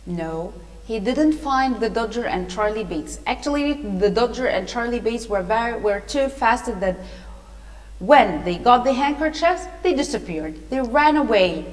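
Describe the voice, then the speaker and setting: Slow, echoey woman teacher. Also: on the high side, expressive. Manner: explains words and asks the listeners questions. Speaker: English teacher. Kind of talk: reading a story aloud to students. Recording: echoey room.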